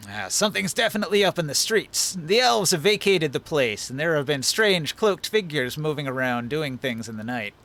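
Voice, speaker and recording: A man voicing an old male dwarf innkeeper who shares rumors in a measured, confiding tone. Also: a little high, sing-song, a bit bright.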